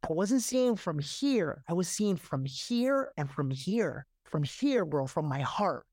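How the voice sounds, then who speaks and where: This life coach, appearing as a guest, speaks slowly in a fairly high, darkish voice with big swings in pitch. He's an emphatic storyteller sharing a lively personal tale, doubling up on words and tossing in plenty of "right?" and "you know." The recording is dry and close-miked, with no echo.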